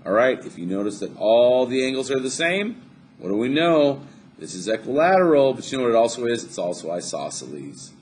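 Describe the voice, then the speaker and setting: A man's voice: mid-range voice, big pitch swings, a little fast, a little mellow, slight background noise. A man teaching a recorded math lesson, chatty and upbeat, joking to himself as he draws on screen. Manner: upbeat, chatty, jokes to himself while drawing.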